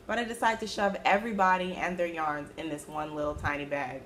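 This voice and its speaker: Woman host, low-pitched, chatty and self-amused, casual craft-podcast talk with faint background noise. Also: steady tone, fairly quick, a bit bright. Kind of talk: casual chat.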